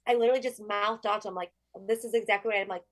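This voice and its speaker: A woman guest telling a story in casual chat, animated, full of "like" and swearing. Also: mid-range voice, racing, dry recording.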